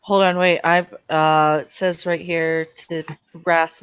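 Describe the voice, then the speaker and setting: A woman in a comedy stream with a low, dry, close-sounding voice. She reads hesitantly from a pretend script. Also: level tone, slow pace, a bit bright, smooth, no echo. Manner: mock-reading from a script, hesitant. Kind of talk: improvised comedy banter.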